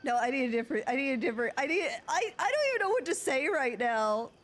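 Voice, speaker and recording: High, lively young woman streamer. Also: fast talker. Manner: excitable, overwhelmed, swearing. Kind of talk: live-streamed game roleplay chat.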